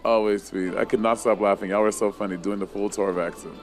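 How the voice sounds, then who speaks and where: Chatty man in his thirties, low voice. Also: steady tone, fairly quick, soft background music. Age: 30s. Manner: chatty storyteller, swears freely. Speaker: co-host. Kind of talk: casual chat.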